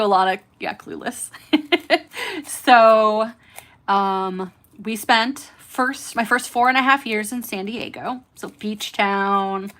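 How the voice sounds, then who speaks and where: A woman's voice: mid-range voice, fairly bright tone. A woman in her thirties with a California accent and a faint Southern lilt, chatting and smiling as she hosts a nail-art livestream and talks to viewers. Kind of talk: casual chat while doing nails.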